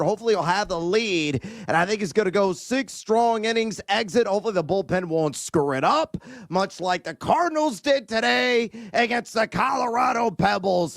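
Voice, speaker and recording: A man's voice: high-pitched, no room sound. A man appearing as a guest betting analyst, playful and hammy, running through stats for his picks. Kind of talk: casual live show chat.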